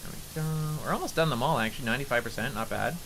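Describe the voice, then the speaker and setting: A man's voice: mid-range voice, very fast, a bit bright, a little hiss or hum. A young man streaming a game, chatting casually and rambling, with a nasal tone. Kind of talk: casual gameplay commentary.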